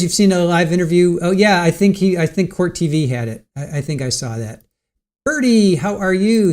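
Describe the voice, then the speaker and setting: With a mid-range, darkish voice, a man runs a casual livestream about a court trial. He says hello to chat viewers by name and goes over the case, stumbling through lots of ums and restarts.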